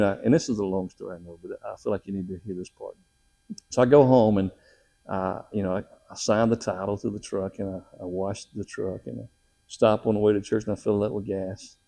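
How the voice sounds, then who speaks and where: A man's voice: on the low side, gravelly, mellow. A middle-aged man, a missionary, telling a personal testimony in a folksy, emotional way with frequent laughs.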